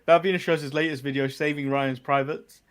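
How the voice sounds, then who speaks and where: A man's voice: fairly high pitch, fairly even intonation, brisk, a crowd in the background. A man from the UK hosting a podcast, recapping events casually and laughing often. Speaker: podcast host.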